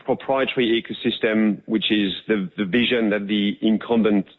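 A man with a French accent, a guest on a phone interview, earnestly pitching a product with plenty of fillers. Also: steady tone, normal speed. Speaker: tech company guest. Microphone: phone line. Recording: tinny phone line.

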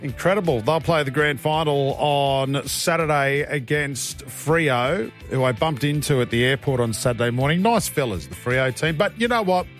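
A man's voice: mid-range voice, moderate pace, few pauses, faint music behind. Chatty radio host man. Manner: chatty, opinionated, joking. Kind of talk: talkback radio chat.

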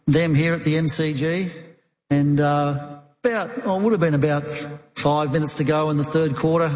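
A middle-aged Australian man, a football coach, giving a tribute speech and telling anecdotes with frequent ums. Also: a little high. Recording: echoey hall, dull sound.

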